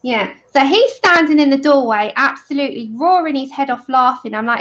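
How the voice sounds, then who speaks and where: A woman chats through a colouring livestream. She tells a mishap as an animated story, voicing everyone in it and laughing along. Her voice sits a little high and comes through a somewhat dull, muffled recording. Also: brisk, hardly any pauses. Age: 30s. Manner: chatty, laughs often, acts out her own story in quoted voices. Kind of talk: casual chat while colouring on a livestream.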